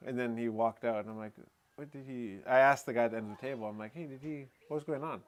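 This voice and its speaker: Man, middle pitch, casual rambling storyteller, lots of fillers. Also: fast talker. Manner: relaxed, rambling, lots of fillers like "you know" and "eh". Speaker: host of a live talk stream.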